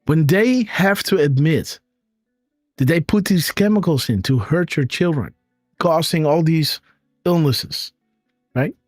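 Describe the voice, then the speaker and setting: Male host, slow emphatic commentary, keeps saying "right?", dry sound. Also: fairly high pitch, animated, no room sound, soft background music. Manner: tags sentences with "right?", emphatic. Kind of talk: live commentary show.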